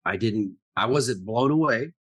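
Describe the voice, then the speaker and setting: A man co-hosting a casual podcast chat, animated and talkative, often slipping into acted-out quotes. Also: medium pitch, unhurried, husky. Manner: animated, chatty, acts out quotes. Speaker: podcast co-host.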